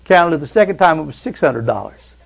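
A man preaching a sermon who tells stories and often calls out amen, swinging between loud fervor and hushed softness. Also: on the high side, expressive, fairly quick, gravelly, breathy edge. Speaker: pastor.

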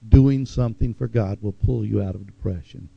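A man's voice: fairly low pitch, normal speed, creaky, husky, no room sound, dull audio. A middle-aged man preaching a sermon in a conversational way, reading scripture aloud with asides.

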